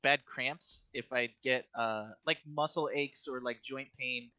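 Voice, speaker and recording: Bright-voiced young man, rambling. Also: mid-range voice, fairly even intonation, measured pace, no room sound. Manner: rambling storyteller, constant "like" fillers and restarts. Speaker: podcast co-host. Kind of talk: casual chat.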